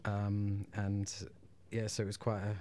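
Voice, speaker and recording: A man's voice: on the low side, completely flat delivery, a little slow, warm tone, a little hiss or hum. A man who is a guest on a radio show, telling his own story hesitantly, with many ums and restarts. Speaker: guest, former prisoner. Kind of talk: radio interview, personal story.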